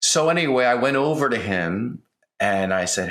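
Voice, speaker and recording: A lower-voiced man in his sixties talks things through with earnest warmth, telling family stories. His voice lifts when he gets worked up. The room around him rings a little. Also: fairly quick. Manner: earnest, storytelling, voice lifting when excited. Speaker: podcast co-host. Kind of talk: conversational podcast talk. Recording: roomy echo.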